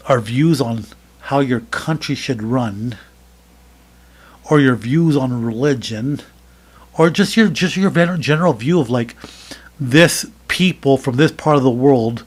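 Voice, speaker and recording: A man's voice: mid-range voice, slightly rough. An American man co-hosting a podcast, talking casually and opinionatedly, with many fillers and restarts. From United States. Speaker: podcast co-host. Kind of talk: casual chat.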